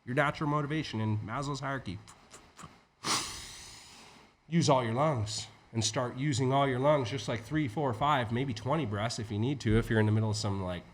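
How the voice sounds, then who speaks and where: Brief: a male entrepreneur guest with an ordinary mid-range voice, lively and profane, explaining ideas conversationally. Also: medium pitch, a little fast, few pauses. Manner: animated, profane, acts out inner voices. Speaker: podcast guest, entrepreneur and coach. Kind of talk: conversational teaching.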